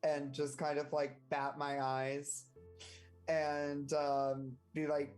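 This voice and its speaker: Slow, hesitant tabletop player. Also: medium pitch, completely flat delivery, a little mellow, soft background music, poor audio. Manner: hesitant, lots of ums. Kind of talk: casual tabletop play.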